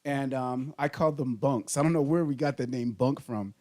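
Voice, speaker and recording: A middle-aged man, the podcast host, telling childhood stories in casual, animated chat. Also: medium pitch, normal speed. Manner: animated storyteller, laughing through funny stories.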